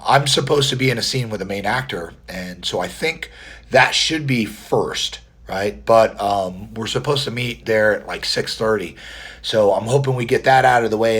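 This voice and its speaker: A man with a scratchy, strained voice, chatting quietly and rambling in a casual vlog, filmed on a phone indoors. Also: lowish voice, husky. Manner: talking quietly to spare his voice; rambling, friendly, many fillers and restarts. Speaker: mustache vlogger.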